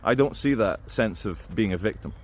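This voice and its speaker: A man talking through his opinions in a casual, animated monologue to camera. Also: fairly low pitch, moderate pace. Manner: conversational and animated, with quoted impressions. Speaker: video commentator.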